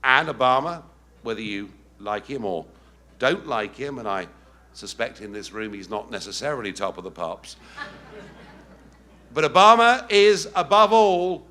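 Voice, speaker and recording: A middle-aged man with an English accent giving a rousing, emphatic speech to a live audience in a packed event hall, with pointed pauses. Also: medium pitch, pushed and bright. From England. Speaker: political speaker.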